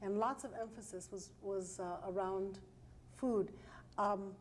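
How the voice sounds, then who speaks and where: A middle-aged woman counselor on a televised panel who speaks candidly and reflectively, often pausing with "um". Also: mid-range voice, steady tone, a little hiss or hum. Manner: reflective and candid, many hesitant "um"s.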